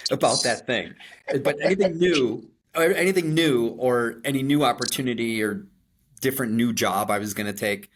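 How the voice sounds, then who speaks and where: A middle-aged man from Chicago with a Chicago accent, a podcast co-host telling stories in an animated, self-deprecating way with frequent restarts. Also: mid-range voice, moderate pace. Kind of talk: conversational storytelling.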